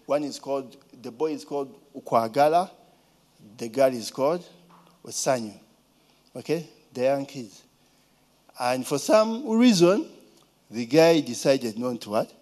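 A man's voice: mid-range voice, expressive, a little slow, pauses often, a little mellow. A man with a Ugandan accent telling a casual story, asking rhetorical questions and now and then mimicking a child's voice.

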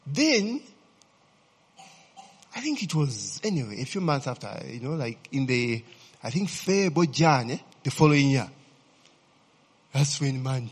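Male pastor, lively sermon voice, slightly husky, long hall echo. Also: high voice. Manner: animated, asks the congregation to fill in words, frequent "eh?" tags. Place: church hall. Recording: long reverb of a church hall.

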